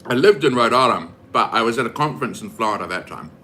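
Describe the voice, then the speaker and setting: A man's voice: mid-range voice, lively intonation, quick pace, pushed and bright, slight background noise. A man with a New Zealand accent chatting casually and rambling with lots of fillers while he cooks for his vlog. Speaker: vlogger. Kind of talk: casual chat while cooking.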